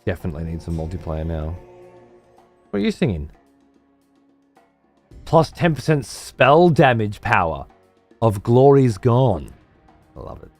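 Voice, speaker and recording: Low-voiced man streaming a game. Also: very animated, unhurried, long pauses, a little mellow, faint music behind. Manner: chatty, swears freely, laughs, mutters to himself. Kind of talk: casual gameplay commentary.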